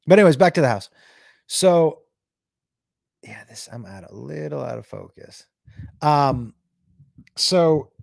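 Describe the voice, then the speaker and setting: A man hosting a livestream, telling a story to his chat in a casual, halting way full of restarts and fillers. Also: a little high, vocal fry, no room sound, clean studio sound. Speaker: livestream host.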